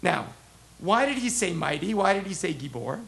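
A man teaching a text class as a rabbi, animated, asking the class questions and acting out the prophets' voices. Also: sits high, moderate pace, gravelly. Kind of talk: interactive text lesson.

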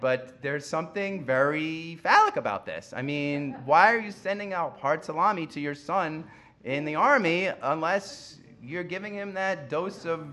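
A man's voice: medium pitch, fairly bright tone. A man giving a public lecture in a wry, conversational manner, often checking in with "right?".

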